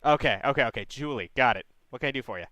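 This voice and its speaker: A man's voice: mid-range voice, very fast, pushed and bright, dry recording, dull audio. A male call-in host giving blunt, profane relationship advice. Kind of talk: call-in advice show banter.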